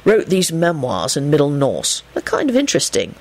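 A woman reading an audiobook, voicing a sardonic, irritable young man who talks in a dry, deadpan way. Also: low voice, moderate pace, creaky, pitched below the performer's own voice, full character voice, rough recording. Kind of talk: audiobook narration.

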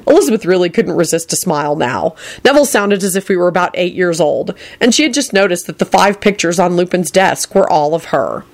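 A woman reading a story aloud with an expressive, animated delivery that moves a lot in pitch. Her voice sits fairly low for a woman. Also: fairly quick, few pauses. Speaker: narrator.

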